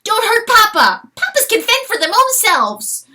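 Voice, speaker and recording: High, crying little fawn. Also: female voice, big pitch swings, unhurried, bright, forceful tone, exaggerated voice. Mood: desperate. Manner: pleading cries. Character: terrified young female fawn, fiercely protective.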